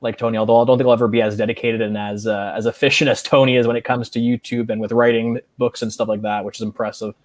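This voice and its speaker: A man's voice: mid-range voice, flat delivery, fast talker, hardly any pauses, a little mellow, no echo, studio quality. A young man chatting as a guest on a video call, friendly and asking curious questions. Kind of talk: casual video chat.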